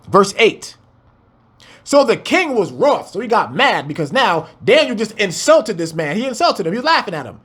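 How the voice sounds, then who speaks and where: A man's voice: sits high, very animated, moderate pace, a bit bright, slightly rough. A man reading scripture verse by verse and breaking it down in emphatic, conversational commentary, talking to his listeners as family. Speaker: Bible teacher. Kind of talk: casual Bible study commentary.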